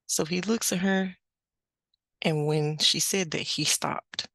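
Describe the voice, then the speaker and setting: A middle-aged woman hosting a podcast, telling a family story in an unhurried, plain-spoken way. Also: deep voice, no room sound. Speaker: podcast host. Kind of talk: casual spoken reflection.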